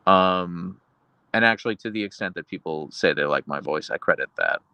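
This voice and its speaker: Crisp-spoken American man streaming. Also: deep voice, moderate pace, bright, forceful tone, no room sound, highs cut off. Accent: American, crisply enunciated. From Pittsburgh, Pennsylvania. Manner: enunciates consonants sharply, rambling asides. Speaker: livestream host reading chat. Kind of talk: casual livestream chat.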